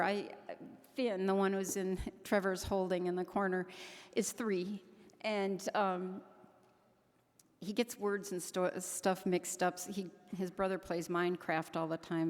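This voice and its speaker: A woman's voice: lowish voice, steady tone. Earnest older woman speaking in a reverberant hall. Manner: earnest and heartfelt, with halting restarts. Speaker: keynote speaker at a conference. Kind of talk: public speech to an audience. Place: large conference hall.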